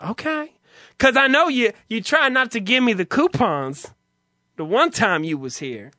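A man's voice: extremely high pitch, big pitch swings, unhurried, bright, forceful tone, no room sound, studio quality, voice pushed up, full character voice. A man voicing a chatty male drive-thru clerk with a lilting way of drawing out his questions.

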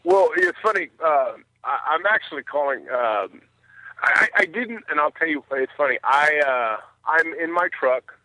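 Man, radio caller, hesitant and polite, very bright tinny phone line, dry. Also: a little high, lively intonation, normal speed, no room sound. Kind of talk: phone call-in chat. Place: in his truck.

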